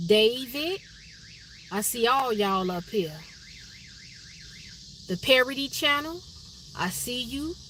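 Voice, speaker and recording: A woman's voice: on the high side, fairly bright tone, slight background noise. A woman from Chicago with a Chicago accent, chatting casually on her live stream and answering viewers' comments by name. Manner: chatty, reads viewer names and comments aloud.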